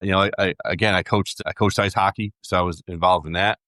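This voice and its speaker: A man, a retired police sergeant, talking as a podcast guest in a halting, deadpan way, often restarting his sentences. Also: deep voice, dry recording. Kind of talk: casual podcast conversation.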